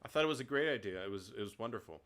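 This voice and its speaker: A man's voice: lowish voice, animated, very fast, a bit bright. A man co-hosting a casual wrestling podcast, speaking bluntly and emphatically with heartfelt conviction. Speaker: podcast co-host.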